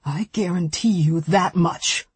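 A woman voicing a grieving young widowed father who swings into raw anger, in an audiobook, with a very husky voice. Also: fairly low pitch, unhurried, a little mellow, no echo. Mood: furious.

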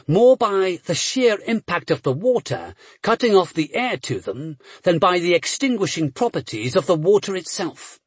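A man reading an adventure novel aloud as a narrator, measured and steady, with brief voiced dialogue. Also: high voice, slightly rough, dry recording. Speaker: audiobook narrator. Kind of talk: scripted narration.

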